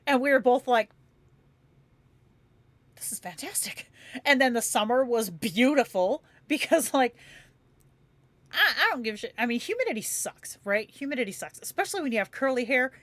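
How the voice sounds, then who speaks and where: A woman's voice: on the high side, dry recording. A woman from Phoenix hosting a livestream, chatting casually with viewers, laughing often and swearing freely. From Phoenix, Arizona, USA. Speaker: livestream host. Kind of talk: casual chat with live viewers.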